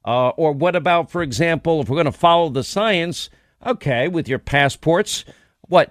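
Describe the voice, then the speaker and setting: A combative male talk host delivers a sarcastic political monologue, stacking one rhetorical question on another. His voice sits a little high for a man. The studio sound is dry and close, with no room echo.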